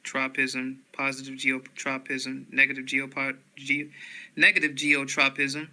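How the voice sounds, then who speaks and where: Man, monotone list reading, very slow, bright crisp voice. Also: medium pitch, poor audio. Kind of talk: reading dictionary entries aloud.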